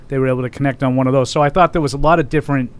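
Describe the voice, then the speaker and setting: Halting football reporter on a podcast. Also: male voice, medium pitch, fairly even intonation, clean tone. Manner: halting, many fillers and restarts. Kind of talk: sports podcast chat.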